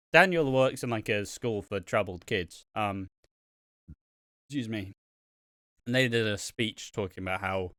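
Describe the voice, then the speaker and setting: A podcast host chats casually about a soap opera, rambling with lots of "um"s and "like"s and some casual swearing. His voice is on the low side yet fairly bright and smooth, recorded with clean studio sound and no echo.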